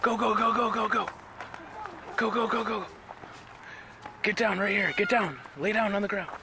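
A man vlogging with his family, talking excitedly to a handheld camera. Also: high voice, normal speed, vocal fry. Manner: excitable, exclaiming, narrating to the camera. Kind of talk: casual family vlog. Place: outdoors in a built-up area. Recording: outdoor ambient noise.

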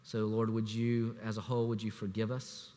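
A man preaching a sermon as assistant pastor, speaking conversationally with restarts and fillers, sometimes dropping to a hushed voice. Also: fairly low pitch, completely flat delivery, normal speed. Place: church sanctuary. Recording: echoey church hall.

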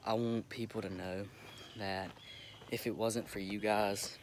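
A young man recording himself on his phone, talking haltingly with many restarts as he holds back tears. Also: on the low side, level tone. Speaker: vlogger. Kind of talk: emotional direct-to-camera update. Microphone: phone camera. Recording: phone recording with noticeable background noise.

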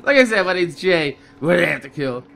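Man, gameplay commentary, high-pitched, sharp bright tone, swears a lot. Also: sing-song, fairly quick, gravelly, soft background music. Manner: profane, rambling, laughs often. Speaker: gameplay video host.

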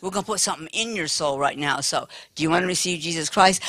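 A woman preacher giving a chatty sermon, dropping to a hush on prayers. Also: low voice, fast, hardly any pauses, dry recording. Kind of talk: sermon with retold story. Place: church.

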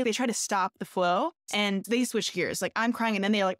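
A woman's voice: mid-range voice, quick pace, hardly any pauses, no room sound, studio quality. A woman, a rope artist, talking openly and earnestly about her work in a conversational interview, often restarting her phrases. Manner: earnest, open, with many restarts and "like". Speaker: shibari artist, guest.

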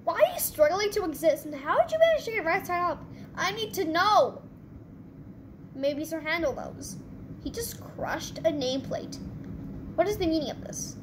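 A woman hosting her channel, giving excitable gameplay commentary with quick reactions. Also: very high voice, background noise. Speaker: channel host.

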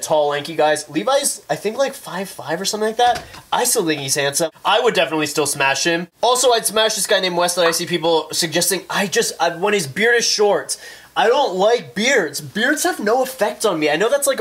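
A young man in a casual vlog, talking in an excitable, animated way and swearing often. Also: fairly high pitch, a little fast. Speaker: YouTuber.

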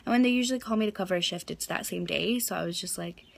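A woman's voice: lowish voice, fast talker, gravelly. A young adult woman talking casually to her camera in a daily vlog, telling a story with lots of ums and asides. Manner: chatty storytelling with many ums. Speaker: vlogger. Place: outdoors for part of the vlog.

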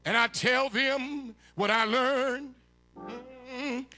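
A man preaching a sermon, shouting and chanting his lines in a sung, call-and-response cadence. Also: extremely high pitch, steady tone, extremely slow, faint music behind. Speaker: bishop preaching. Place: church sanctuary.

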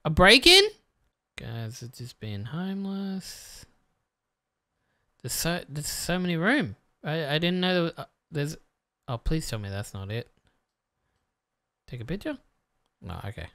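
A let's-play commentator who swears often and talks straight to the viewers, muttering to themself and then bursting out excitedly. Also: medium pitch, unhurried, pauses often. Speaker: gameplay commentator.

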